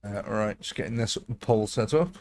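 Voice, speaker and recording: A man's voice: lowish voice, fairly quick, a little mellow. A man hosting a live game stream in a casual, chatty, jokey way, laughing often.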